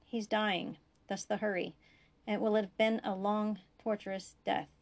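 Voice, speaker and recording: A woman reading a blunt male field medic who gives brisk orders in a story. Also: medium pitch, little pitch movement, close to an everyday voice. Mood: grim. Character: steady male ship's medic giving orders.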